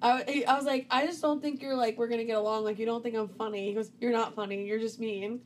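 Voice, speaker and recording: A woman's voice: on the high side, fast, a little hiss or hum. A young woman co-hosting a podcast, telling stories in casual chat and acting out quotes with energy. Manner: animated storytelling, acts out quotes. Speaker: podcast co-host.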